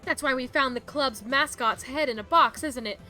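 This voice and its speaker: A woman reading a crisp, confident detective. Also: sits high, moderate pace, bright, forceful tone, faint music behind. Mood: probing. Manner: crisp, matter-of-fact reasoning.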